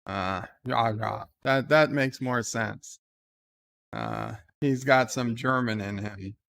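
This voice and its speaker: Slow, smooth-voiced man reading chat. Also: mid-range voice, a bit bright. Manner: laid-back, halting, frequent "uh" before each comment. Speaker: livestream host. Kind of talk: reading live chat comments aloud.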